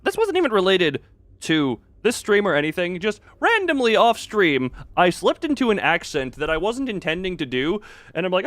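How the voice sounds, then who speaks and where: A man's voice: high-pitched, lively intonation, normal speed, fairly bright tone, dry recording. A young man streaming a game, chatting in a rambling, self-mocking, jokey way. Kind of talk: casual live-stream chat.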